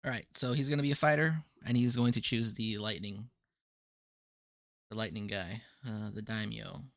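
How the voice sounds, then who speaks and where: A man's voice: fairly low pitch, normal speed, gravelly, no room sound. A man running a casual tabletop session zero as game master, joking with his players and reading out setting lore. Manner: relaxed, joking, reads lore aloud.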